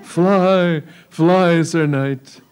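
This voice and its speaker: A man reading a story and voicing a frightened young damsel who pleads breathlessly, raising his pitch. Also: very slow, darkish tone, clean tone. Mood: urgent. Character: pale frightened young damsel, urgent and earnest.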